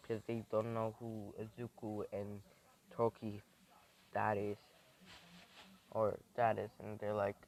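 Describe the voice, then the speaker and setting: A man improvising a fan-fiction story aloud, rambling and thinking out loud as he goes. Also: lowish voice, monotone, takes it slowly, long pauses, low-quality recording.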